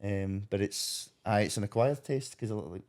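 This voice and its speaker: A man with a Scottish accent hosting a podcast, swearing freely in quick banter. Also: lowish voice, a little mellow. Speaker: podcast host. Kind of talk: casual chat.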